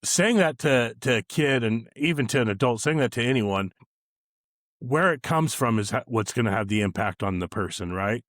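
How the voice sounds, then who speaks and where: A man hosting an interview podcast, also a youth coach, asking questions in a halting way, thinking aloud with fillers. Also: medium pitch, expressive, a bit bright, no room sound, studio quality.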